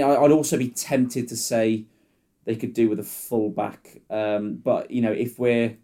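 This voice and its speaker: A man's voice: fairly low pitch, dark tone. A man who reports on football, chatting casually on a podcast, hesitant and full of restarts. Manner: hesitant, with many restarts and fillers.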